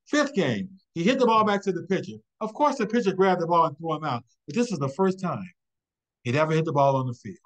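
Guy giving a webinar talk, fairly high voice, tells a story with a refrain and gets worked up. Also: a little fast, rough recording. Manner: rhythmic, repeats a refrain, builds excitement. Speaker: webinar presenter.

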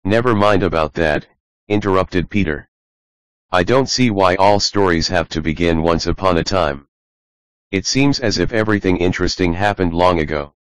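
Curious gossipy young rabbit read by a man, eager storybook voice, low, smooth. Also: moderate pace, no room sound, close to an everyday voice. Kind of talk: audiobook reading.

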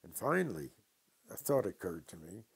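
An older man from New York telling stories from his past slowly and with dry humor in an interview. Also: low voice, very animated, creaky, breathy edge. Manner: slow, deliberate anecdotes with dry humor. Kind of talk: storytelling interview.

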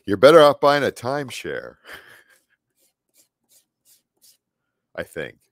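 A man's voice: mid-range voice, very animated, extremely slow, vocal fry, a bit bright, no room sound, clean studio sound. A man with a scratchy voice chatting casually as he paints on a live stream, often muttering to himself and trailing off mid-sentence. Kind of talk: rambling live-stream chat while painting.

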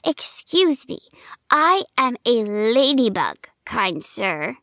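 A woman's voice: fairly high pitch, sing-song, slow, no echo, clean studio sound, voice pushed up, exaggerated voice. A woman voicing a prim, easily offended ladybug with a fussy, formal manner in a children's audio story. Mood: indignant. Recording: soft background music.

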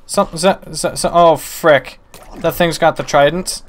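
A man's voice: on the high side, steady tone, unhurried, a little hiss or hum. A man playing a video game and commenting live, talking to himself and the game with mock-exasperated outbursts. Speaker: gaming YouTuber.

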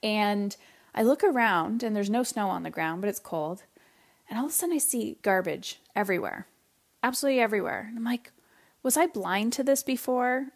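A middle-aged woman from Canada tells a family story on her parenting podcast. She talks casually and with animation, mimicking her kids and throwing in the odd swear word. Her voice sits at a medium pitch. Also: lively intonation, a little fast, creaky.

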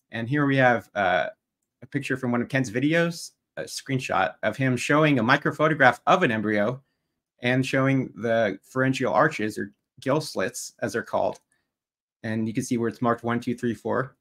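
A man's voice: medium pitch, fairly bright tone. A man giving a debate opening statement over slides, methodical and pointed, at times mocking his opponent.

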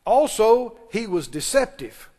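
A man preaching. His voice sits high for a man. The long reverb of a large church hall carries every phrase as he calls for answers from the pews. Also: big pitch swings, mellow. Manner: preaching with call-and-response, quick asides and laughs. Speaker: pastor. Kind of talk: sermon. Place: church sanctuary.

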